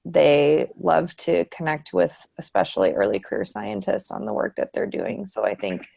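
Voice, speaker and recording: A woman giving a relaxed online tutorial presentation, with frequent ums. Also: lowish voice, gravelly. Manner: relaxed, many ums, light laughs. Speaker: presenter for a research committee.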